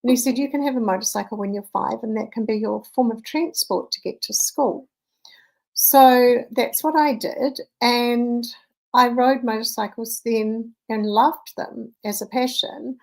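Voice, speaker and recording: A woman's voice: fairly high pitch, creaky, a little mellow, rough recording. A woman in her fifties, a mindset coach, telling a personal story in an earnest, conversational motivational talk.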